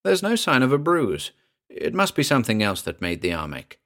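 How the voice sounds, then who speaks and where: A man reading aloud, voicing a puzzled young man who tries to sound calm and reassuring. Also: medium pitch, normal speed, voice pushed up. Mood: unconvincing reassurance. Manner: uneasy, forced reassurance.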